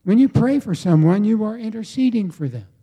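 A man preaching a sermon from the United States, slow and deliberate, with emphatic pauses and repetition. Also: high-pitched, animated, warm tone, husky. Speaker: pastor.

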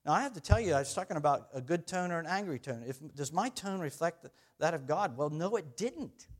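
This sermon comes from a middle-aged pastor whose fairly high voice has lively intonation and a slightly fast pace. He chats loosely with the congregation, laughing a lot and poking fun at himself.

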